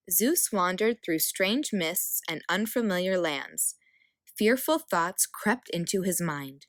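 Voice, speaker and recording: A woman reading a children's picture book aloud as a storyteller, expressive and unhurried. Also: on the low side, no room sound, studio quality.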